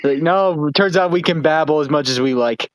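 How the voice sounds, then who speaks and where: A man's voice: on the high side, a little fast, no room sound, rough recording. A man co-hosting a comedy podcast, chatting casually with dry, sarcastic asides. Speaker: podcast co-host.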